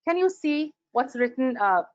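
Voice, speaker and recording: This grammar webinar is led by a woman whose voice sits high and who speaks at a normal speed with an Indian English accent. She animatedly acts out example sentences while lecturing. The video-call computer mic gives a dry, dull recording.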